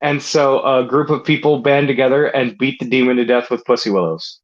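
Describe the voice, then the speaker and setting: A man's voice: mid-range voice, fairly even intonation, brisk, lo-fi sound. A man co-hosting a comedy podcast, telling a rambling story in casual chat with lots of filler words. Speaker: podcast co-host.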